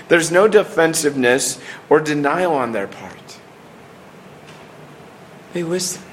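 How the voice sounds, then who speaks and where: Earnest, fairly high-voiced male preacher. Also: a bit bright, a little hiss or hum. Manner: earnest, with many restarts and falling pauses. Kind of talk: sermon.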